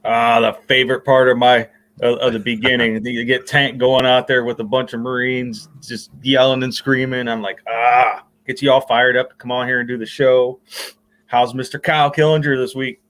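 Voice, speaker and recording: A man's voice: mid-range voice, flat delivery, normal speed, a bit bright, low-quality recording. A man hosting a casual podcast chat, easygoing and rambling, with lots of fillers. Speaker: podcast host.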